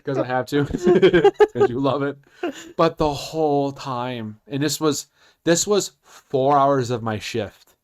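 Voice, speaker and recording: A man's voice: mid-range voice, slow. A young man co-hosting a casual podcast, animatedly telling a work story between laughs and acting out the people in it. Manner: animated, laughing, acts out quotes in voices. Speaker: podcast co-host.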